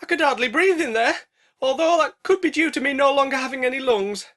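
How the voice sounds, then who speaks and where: A man's voice: very high-pitched, fairly quick, very noisy, voice pushed up. A man voicing a chirpy, breezy dying male corpse.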